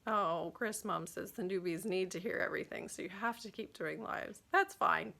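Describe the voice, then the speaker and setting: A woman's voice: lowish voice, normal speed, vocal fry, bright, forceful tone. A woman hosting a casual nail care livestream, chatting loosely and reading out viewer questions with many fillers and restarts.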